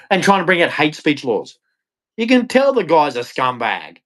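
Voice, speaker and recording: Pitched on the high side with huge swings, his slightly bright voice moves at normal speed. The Australian livestreamer delivers a heated, crude, blunt rant, circling back over the same points again and again.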